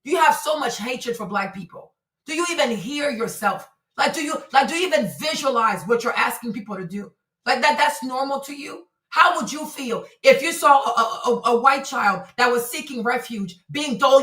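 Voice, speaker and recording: A woman's voice: high voice, brisk, pushed and bright. A woman in her forties giving heated live-stream commentary. She talks emphatically and confrontationally, and she keeps repeating rhetorical questions. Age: 40s. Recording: roomy sound from a distant mic.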